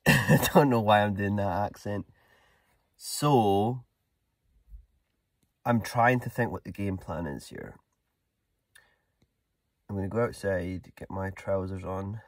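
A man's voice: lowish voice, slow pace, long pauses, no room sound. A young Scottish man chatting casually in an easygoing, rambling way while car camping outdoors by a loch. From Scotland. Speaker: vlogger. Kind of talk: casual vlog chat.

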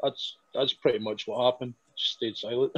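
Young man, from Scotland, halting fillers, lo-fi muffled audio, mid pitch. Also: fairly even intonation, a bit bright, slightly rough. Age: young adult. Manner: halting, many fillers and restarts, laughs while telling. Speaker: wrestler guest. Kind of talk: casual interview storytelling.

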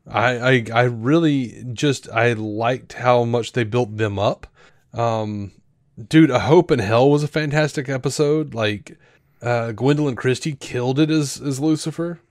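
A man co-hosting a podcast, talking through a show review in a rambling, animated way with lots of fillers and restarts. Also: medium pitch, unhurried, dry recording, clean studio sound. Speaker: podcast co-host. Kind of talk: casual review chat.

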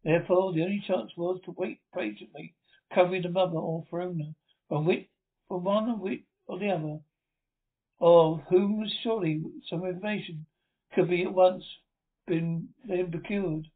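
A man with a high voice reads an old gothic novel aloud, tripping over words and fixing them as he goes. The sound is thin and tinny, like a phone line. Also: steady tone, normal speed. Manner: stumbling, self-correcting reading. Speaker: audiobook reader.

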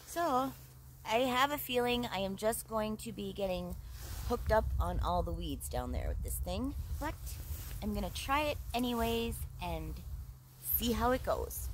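A woman's voice: a little high, expressive, normal speed, slight background noise, rough recording. A woman with an Upper Midwest American accent, chatting casually outdoors while she fishes for her vlog, calling her viewers "dudes.". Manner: chatty, says "dudes" and "yo" a lot. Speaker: fishing vlogger. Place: outdoors by the water.

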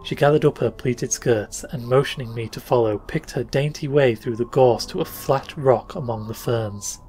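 A man's voice: medium pitch, moderate pace, a little mellow. Man narrating a classic tale. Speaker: podcast narrator. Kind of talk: scripted storytelling narration. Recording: faint music bed under voice.

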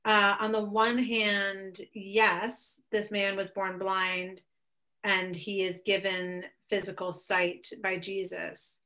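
Earnest woman speaker, thirties, bright voice, thoughtful pace. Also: medium pitch, level tone, slow. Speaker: guest speaker. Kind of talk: webcast talk with Q and A.

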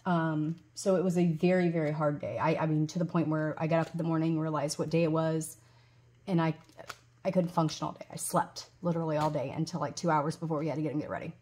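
A woman in her forties runs a budgeting vlog and chats casually with her viewers in a low voice, talking quickly with fairly even intonation. She rambles, full of ums and restarts, and gushes loudly over gifts.

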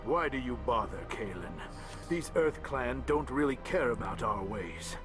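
Actor as a snide small male alien, mid-pitched, game music behind. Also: animated, a little slow, close to an everyday voice. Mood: scornful. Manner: scornful.

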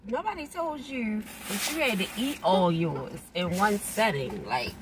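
A woman's voice: mid-range voice, lively intonation, a little slow, recorded from a distance, background noise. A woman joking around and teasing the host in a car, trading playful back-and-forth. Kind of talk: casual banter. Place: inside a car.

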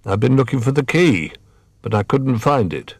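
A man voicing Old Bear, a wise and patient old male teddy bear who speaks calmly, in a storybook reading. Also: medium pitch, normal speed, slightly rough, no echo, voice pushed up. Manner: calm and patient.

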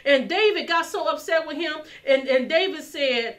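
A woman's voice: high-pitched, lively intonation, moderate pace. A woman minister preaching a sermon with passion, repeating and building her phrases.

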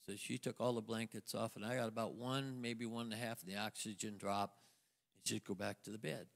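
An older man, a guest minister telling a testimony with halting restarts. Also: lowish voice, steady tone, vocal fry. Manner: storytelling, halting restarts, acts out quoted voices. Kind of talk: sermon testimony to a congregation. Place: church sanctuary. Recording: long church hall reverb.

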